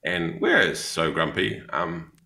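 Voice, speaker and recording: Gravelly New Zealand man, bright and roomy. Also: sits low, very animated, takes it slowly. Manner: rambling, many fillers and restarts. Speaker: podcast co-host, missionary. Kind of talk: casual storytelling chat.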